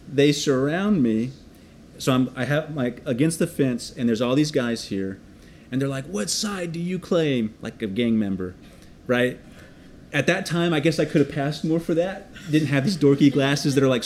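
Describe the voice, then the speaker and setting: A man's voice: medium pitch, a little mellow, slight background noise. A man preaching a sermon as pastor, telling a personal story with acted-out dialogue and a self-deprecating humor.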